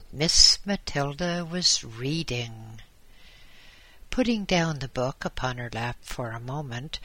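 A reader narrates a novel at a slow, deliberate pace, with a bright tone. The recording is dry and close to the mic. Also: mid-range voice, no echo, poor audio. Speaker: audiobook reader. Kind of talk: audiobook narration.

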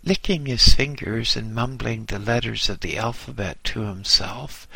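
A man reading a memoir aloud in a measured, precise way. His low voice is gravelly and husky, yet bright on top. The pace is slow and the sound close and dry. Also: dry recording. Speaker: narrator. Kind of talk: audiobook narration.

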